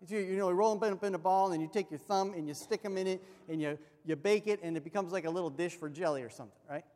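A high-voiced male pastor gives a story-driven sermon. He acts out the people in his anecdote with animated delivery. The sound carries a long reverb from a large church hall. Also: quick pace.

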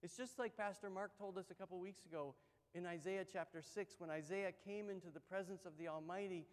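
Male pastor, high tenor, animated conversational sermon, long hall reverb. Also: brisk. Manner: conversational, animated storytelling with acted-out quotes.

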